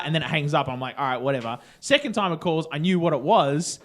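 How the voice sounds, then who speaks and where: A man's voice: fairly high pitch, lively intonation, fast talker, a bit bright. A man, a podcast co-host telling rambling stories in casual chat and swearing freely. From Australia.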